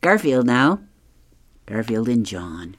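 A man's voice: mid-range voice, sing-song, no echo. A man hosting a radio show, reading an advice column and describing comic strips aloud with amusement. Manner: unhurried, amused, chuckling while reading. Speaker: radio host.

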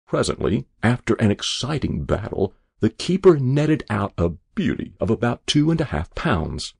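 A man reading a story aloud in a measured, expressive storytelling manner. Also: mid-range voice, creaky, slightly rough, no echo, studio quality. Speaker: narrator.

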